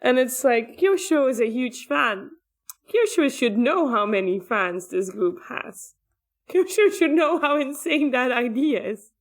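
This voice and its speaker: A woman's voice: sits high, sing-song, a little slow. A woman co-hosting a casual anime podcast, blunt and a little exasperated as she recaps the episode. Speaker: podcast co-host.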